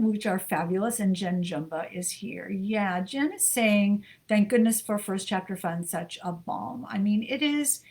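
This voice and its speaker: A middle-aged woman from the United States co-hosting a live book show from her home desk, chatty and warm, greeting viewers by name with many ums. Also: mid-range voice. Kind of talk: casual live-stream chat greeting viewers.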